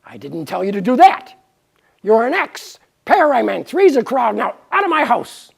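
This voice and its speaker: A woman doing God, gravelly and stern. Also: mid-range voice, big pitch swings, slow pace, darkish tone, voice pushed up, full character voice. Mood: scolding. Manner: scolding, commanding. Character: God, stern lord of the garden.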